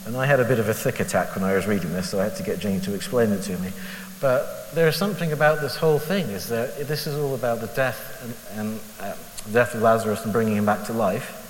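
A man's voice: fairly low pitch, fast. A man giving a candid, conversational Bible reflection as a lay preacher, asking himself rhetorical questions with self-deprecating honesty. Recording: echoey hall with faint hiss.

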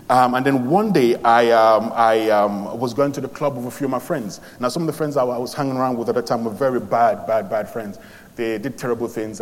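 A man from London telling his conversion story as a sermon testimony, animated, with many fillers and restarts. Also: mid-range voice, long reverb tail. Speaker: preacher giving testimony.

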